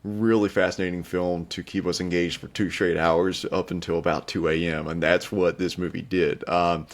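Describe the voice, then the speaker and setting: A young man co-hosting a film review show, talking casually with many pauses and fillers. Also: deep voice, level tone. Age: young adult. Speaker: film critic co-host.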